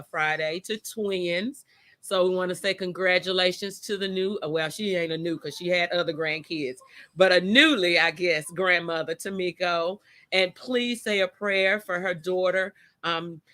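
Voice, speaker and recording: A woman hosts a casual livestream chat from outdoors, chatty and openly emotional. She greets her viewers by name in a bright, forceful voice. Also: lowish voice. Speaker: host of a live chat show. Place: outdoors by a motion-sensor light.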